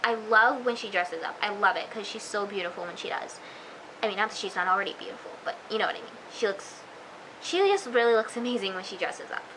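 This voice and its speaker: Bright-voiced chatty woman gushing. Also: medium pitch, expressive, brisk, a little hiss or hum, rough recording. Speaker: TV episode reviewer. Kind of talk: casual vlog recap.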